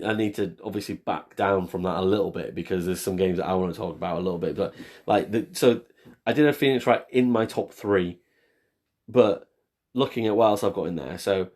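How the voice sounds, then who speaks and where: Deep-voiced man rambling casually. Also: darkish tone. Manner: rambling, self-deprecating, restarts often. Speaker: podcast co-host. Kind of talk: casual chat.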